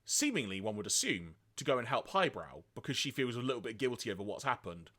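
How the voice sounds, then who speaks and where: A man co-hosting a podcast, retelling episodes in a lively way and acting out quoted lines. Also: fast talker. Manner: lively storytelling, acts out quoted lines in high voices. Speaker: podcast co-host. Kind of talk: casual podcast recap.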